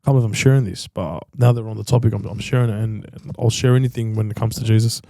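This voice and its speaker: Gravelly, dark-voiced Australian male host. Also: lowish voice, fairly even intonation, quick pace, no echo. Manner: emphatic, slangy, repeats himself for stress. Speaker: podcast host. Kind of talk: casual chat.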